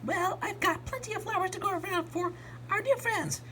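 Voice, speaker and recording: A woman's voice: very high-pitched, normal speed, a bit bright, a little hiss or hum, voice pushed up. A woman voicing a sweet, flower-loving female living block.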